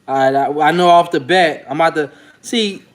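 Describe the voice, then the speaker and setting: A man hosting a dog-breeding video channel, speaking in a loose, slangy, rambling way. His voice sits a little higher than most men's. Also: normal speed. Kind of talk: casual vlog commentary.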